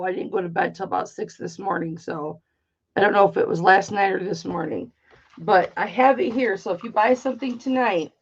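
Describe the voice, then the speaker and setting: A middle-aged woman hosting a live jewelry auction, chatting casually, swearing freely and greeting viewers by name. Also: mid-range voice. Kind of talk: casual chat while selling. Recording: dull lo-fi stream audio.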